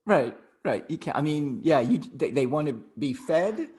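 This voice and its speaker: A man's voice: fairly high pitch, expressive, moderate pace, darkish tone. Reflective middle-aged man chatting on a video call. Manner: reflective, repeats words while thinking. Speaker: podcast co-host. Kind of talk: casual chat over video call.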